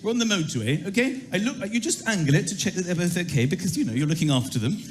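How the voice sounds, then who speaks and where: A man doing a stand-up comedy routine, animated, acting out scenes with exaggerated voices. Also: high voice, rapid-fire, roomy sound, slight background noise.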